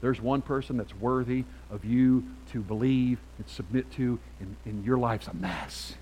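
A man's voice: mid-range voice, measured pace, slight background noise, poor audio. Emphatic middle-aged male pastor preaching. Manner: emphatic, swings from quiet to loud. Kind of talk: sermon.

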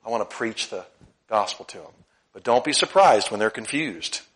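Bright-voiced animated male preacher. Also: on the low side, normal speed. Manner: animated preaching, swings between loud emphasis and soft asides. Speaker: pastor. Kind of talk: sermon.

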